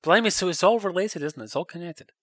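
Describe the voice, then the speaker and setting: A man's voice: high-pitched, quick pace, fairly bright tone, no echo, clean studio sound. A man chatting casually as a podcast co-host, chiming in with eager jokes. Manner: jokey, eager interjections. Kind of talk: casual chat about old British TV.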